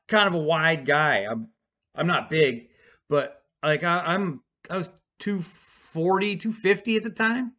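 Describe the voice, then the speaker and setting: A man casually telling a personal story to camera, rambling and self-deprecating with halting restarts. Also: sits high, a bit bright.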